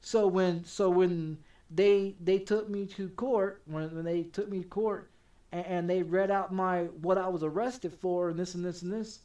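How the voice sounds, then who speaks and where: High-voiced man telling a heated, profane story. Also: steady tone, unhurried, mellow, distant mic, lo-fi sound. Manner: profane, heated, stammering repetitions. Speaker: game streamer. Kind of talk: casual storytelling while streaming.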